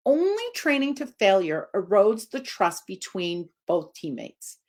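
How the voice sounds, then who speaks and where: At a measured pace, a dog trainer in her forties talks casually on a live video. Her voice is expressive and climbs high to add emphasis.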